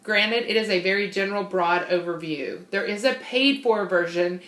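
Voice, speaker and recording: A woman's voice: medium pitch, moderate pace, fairly bright tone, reverberant. A woman giving an informal, bubbly personality-type training talk, laughing often and unable to sit still.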